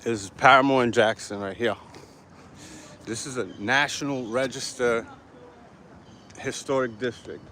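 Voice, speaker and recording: A man's voice: medium pitch, steady tone, measured pace, long pauses, sharp tone. A man walks a downtown sidewalk in the heat, holding his phone out and talking straight to his viewers. He is brash, defiant and swears freely. Faint traffic hum and outdoor noise sit under his voice. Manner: brash, profane, defiant, talking to camera while walking. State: hot and sweaty. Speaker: street vlogger. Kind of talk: live-streamed walking vlog. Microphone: handheld phone. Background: street traffic ambience.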